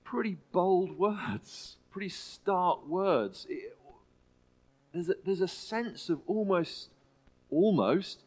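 A man preaching a sermon in a church, earnest and halting, often restarting his phrases. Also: high-pitched, lively intonation, poor audio. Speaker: pastor.

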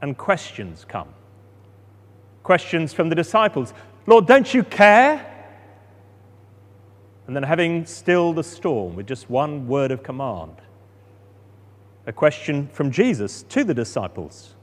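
A man preaching a sermon, expressive, rising for drama and dropping soft for calm moments. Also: mid-range voice, measured pace, long reverb tail.

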